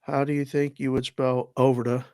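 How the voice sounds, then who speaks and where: A male co-host of a sports betting talk show, ribbing his partner and arguing his bets with conviction. His pitch is ordinary and the sound is dry, with no room echo. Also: level tone, normal speed, darkish tone, clear, resonant tone. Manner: teasing, emphatic about picks. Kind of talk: casual sports talk banter.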